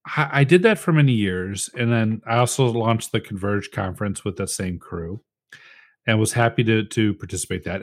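A middle-aged man, a hacker, chatting as a podcast guest and telling stories with a laugh. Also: medium pitch. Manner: chatty storyteller, laughs often. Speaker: guest, hacker and conference organizer. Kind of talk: casual podcast chat.

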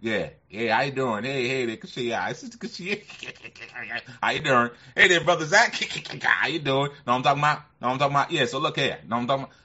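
Man doing a loud hyped-up host. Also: mid-range voice, fairly quick, husky, voice pushed up. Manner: loud, excited, repeating a catchphrase. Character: hyped-up male show host greeting everyone. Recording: slightly muffled lo-fi sound.

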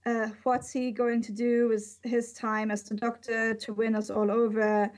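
Woman podcast cohost, kinda high voice, reads an email out and keeps cutting in with jokes. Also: level tone, measured pace. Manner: laughs often, reads with asides. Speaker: podcast co-host. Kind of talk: casual chat, reading a listener email aloud.

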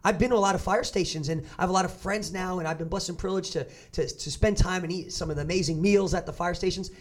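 A man's voice: high-pitched, steady tone, quick pace. A man hosting a podcast, talking earnestly and encouragingly in a casual conversation. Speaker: podcast host and fitness coach.

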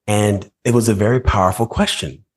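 A man, a motivational speaker, telling his life story as a podcast guest, animated and acting out voices and scenes. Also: lowish voice, fairly quick, slightly rough.

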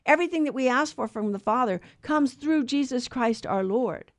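On a Catholic talk show, a woman co-host offers conversational faith teaching, earnestly recounting stories and voicing the people she quotes. She sounds animated, speaking at normal speed in a slightly high voice. The sound is close and dry, with no room sound.

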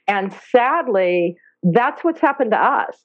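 Animated woman guest, dry and dull. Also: fairly high pitch, takes it slowly, no room sound. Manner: animated storyteller, acts out her own quoted voice. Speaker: guest, dolphin therapy program founder. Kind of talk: casual interview talk. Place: Maui, Hawaii.

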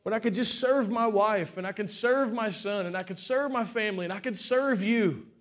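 A man preaching a sermon to his church, swinging between fervent declarations and soft, emotional asides. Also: high-pitched, moderate pace. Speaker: pastor. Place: church stage with congregation.

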